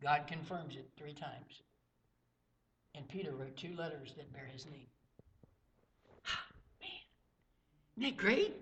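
A man preaching a sermon as pastor, swinging from loud outbursts to hushed asides, who grew up in the American South. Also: a little high, expressive, moderate pace, slightly rough.

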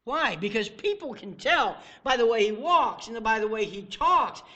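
A pastor from the American South preaching a dramatic sermon. His voice sits high and bright. He swings between hushed, intimate asides and loud, ringing outbursts. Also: big pitch swings, moderate pace.

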